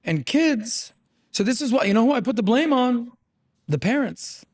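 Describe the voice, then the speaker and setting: A man speaks high in his register, blunt and animated, swearing freely between fillers. He sounds like a podcast guest in casual conversation. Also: moderate pace.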